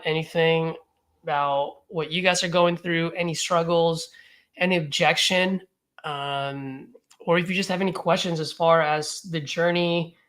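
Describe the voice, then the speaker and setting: A man hosting a live stream, leaving easygoing, friendly voicemails for sellers and chatting with viewers, with relaxed filler words. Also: a little high. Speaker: real estate wholesaler hosting a live calling session.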